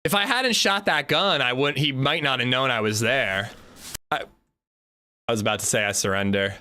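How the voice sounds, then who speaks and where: A man casually commenting on his survival shooter game during a livestream, chatting with viewers and reacting out loud. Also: medium pitch, moderate pace. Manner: chatty, reacts loudly, talks to chat. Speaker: streamer playing a survival shooter.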